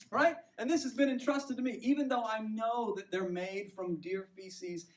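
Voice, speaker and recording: A man's voice: sits high, steady tone, moderate pace, few pauses, far from the mic, poor audio. A man preaching a sermon as pastor, conversational and self-deprecating, often checking in with "right?".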